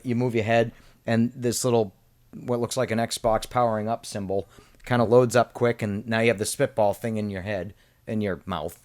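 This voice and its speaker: A man's voice: fairly low pitch, a little mellow. A man co-hosting a casual video game review discussion, laid-back and loose, with lots of fillers. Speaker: podcast co-host.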